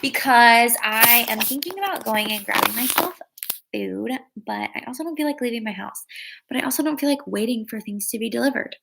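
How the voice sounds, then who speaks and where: A young woman in her twenties chats casually with her livestream viewers, reading out their comments and using many fillers, while background noise is audible. Her voice is gravelly, expressive, fairly high in pitch, and fairly quick.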